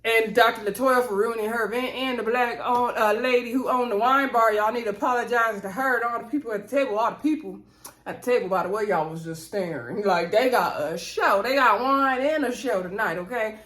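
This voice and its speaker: A woman recaps a reality show in a chatty, gossipy way. Her voice sits on the higher side. The recording has a noticeable roomy echo. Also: brisk. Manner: chatty, gossipy, animated retelling. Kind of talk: casual recap commentary.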